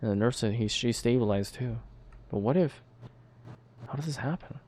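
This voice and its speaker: Regular guy reading game lines out loud, earnest, mid voice, faint noise behind. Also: mid-range voice, moderate pace. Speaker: gamer voicing a story game. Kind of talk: reading game dialogue aloud.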